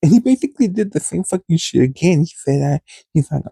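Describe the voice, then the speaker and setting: Male host, frank rambling storyteller; very dark, husky voice, dry close sound. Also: fairly high pitch, animated, quick pace, no echo, poor audio. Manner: candid, rambling, addresses listeners directly. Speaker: podcast host. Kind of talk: casual storytelling.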